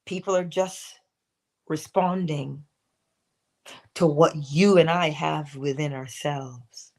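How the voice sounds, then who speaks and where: Slow and steady, her low, slightly mellow voice carries a morning motivational talk she hosts as a stream. Rhetorical questions come often, along with acted-out quotes, and at times she lowers her voice to a whisper.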